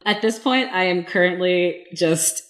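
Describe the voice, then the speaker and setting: A woman's voice: lowish voice, a little slow. A woman chatting casually while she draws on a comedy show, thinking aloud, stammering and laughing often. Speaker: show artist drawing on camera. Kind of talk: casual chat while drawing.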